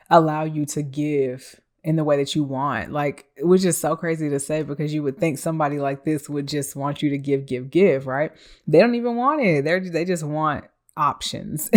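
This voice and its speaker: A woman's voice: deep voice, a little mellow. A woman giving a tarot reading in a playful, sassy way, often laughing and acting out what the listener might say. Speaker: tarot reader.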